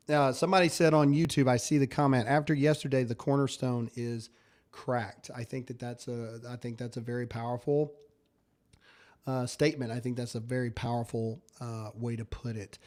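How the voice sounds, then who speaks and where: A man's voice: medium pitch, fairly even intonation, normal speed, darkish tone. A man hosting a casual talk show, emphatic and pleading, often stammering and repeating himself. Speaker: show host.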